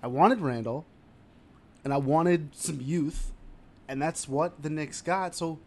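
Excitable ranting man, casual sports chat. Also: fairly high pitch, takes it slowly, long pauses. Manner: animated, ranting, excitable with sudden loud jumps. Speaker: podcast co-host.

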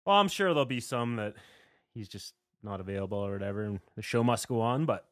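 A man's voice: lowish voice, lively intonation, fast, a bit bright, no echo. A male podcast host with a nasal voice, asking questions in a jokey, casual way and laughing often. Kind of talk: casual interview chat.

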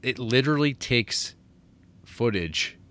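A man's voice: medium pitch, expressive, slow, fairly bright tone. A man co-hosting a podcast, chatting casually about an old film, rambling with many fillers and restarts. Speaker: podcast co-host.

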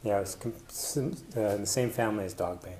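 A man's voice: on the low side, brisk, crowd noise. A man presenting to an audience in a casual personal style, rambling with many fillers and restarts. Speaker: conference presenter.

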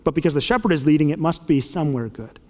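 A man reading aloud as a gentle father sheep in a storybook, speaking calmly and reassuringly. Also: fairly high pitch, fast talker, big-room sound, close to an everyday voice. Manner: calm, reassuring.

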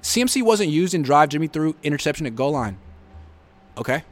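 A man's voice: a little high, sing-song, a little fast. A man hosting a live sports reaction show, reading viewer comments and answering with blunt sarcasm.

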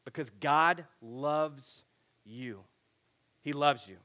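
A middle-aged man preaching to teenagers at a camp in a lively, joking way, acting out talks with his kids. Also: fairly high pitch, very slow. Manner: animated, joking, acts out family dialogue. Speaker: pastor speaking at a youth camp. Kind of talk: energetic sermon to teenagers.

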